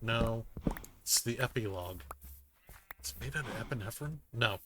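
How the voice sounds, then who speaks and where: A man's voice: medium pitch, moderate pace, noisy background. A man giving rambling, jokey gameplay commentary, muttering self-deprecating asides to himself as he plays. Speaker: gaming YouTuber. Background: music.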